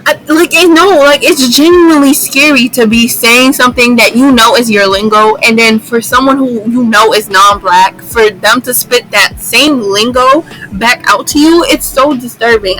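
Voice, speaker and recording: A woman's voice: fairly high pitch, sharp tone, poor audio. A young woman vlogger ranting in exasperation, repeating her lines for emphasis. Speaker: YouTuber. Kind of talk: vlog commentary rant.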